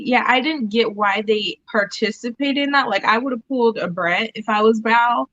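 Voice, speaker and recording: A woman's voice: fairly high pitch, a bit bright, no room sound. A woman co-hosting a casual show chat, candid and emphatic, repeating phrases for effect. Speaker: co-host reviewing a reality show. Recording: slightly dull, dry sound.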